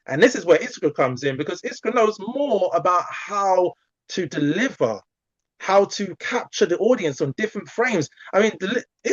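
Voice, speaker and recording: A man coaching on a video call, chatty and animated, acting out little examples as he talks. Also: fairly high pitch, no echo, highs cut off. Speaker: community coach. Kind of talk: live video call masterclass.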